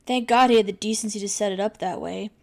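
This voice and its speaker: A woman's voice: medium pitch, fast talker, vocal fry, a little mellow, lightly acted. A woman voicing a game contestant in a plain, dry-humored reading.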